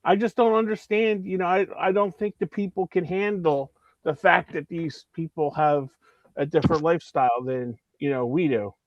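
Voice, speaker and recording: A man's voice: a little high, normal speed, no room sound. Rambling Philly man in his fifties. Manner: rambling, animated, restarts often. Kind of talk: casual film chat. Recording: dull lo-fi stream audio.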